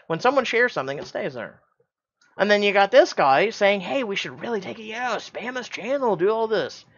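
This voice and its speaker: A man's voice: a little high, fairly bright tone. Heated man ranting in a dull, lo-fi recording. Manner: heated, repeats himself, stumbles. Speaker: YouTube channel host. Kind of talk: defensive vlog rant.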